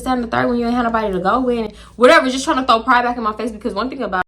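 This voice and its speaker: A young woman telling a casual storytime, chatty and animated, acting out quoted dialogue with laughs. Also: fairly high pitch, racing, hardly any pauses. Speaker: storytime YouTuber.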